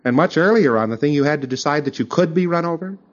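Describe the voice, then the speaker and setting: A man delivers a lecture in a loose, conversational way, breaking off to check with his listeners. His pitch moves around a lot. The recording is muffled and lo-fi, like old tape. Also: animated, fast. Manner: conversational, with frequent asides to the audience.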